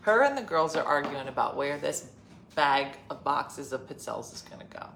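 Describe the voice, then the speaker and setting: A middle-aged woman with a low, dry delivery tells a family story in casual chat, acting out each side of the argument. Her voice sits well down in pitch. The room adds a clear echo, with a faint hum of ambience behind her. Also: moderate pace. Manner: wry, deadpan storyteller who acts out quoted family arguments. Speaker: podcast host.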